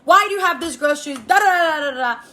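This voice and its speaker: A woman's voice: high voice, expressive, fast, slight background noise, voice pushed up. A woman voicing her angry mother as she scolds and accuses. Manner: shouting, accusing. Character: furious scolding mother, middle-aged woman.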